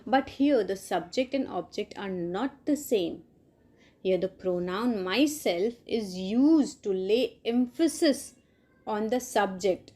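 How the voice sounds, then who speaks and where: A woman teacher explaining grammar to children, step by step, often checking with "Clear?" and "right?" between points, with some "uh" fillers. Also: medium pitch. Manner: frequent "uh" fillers.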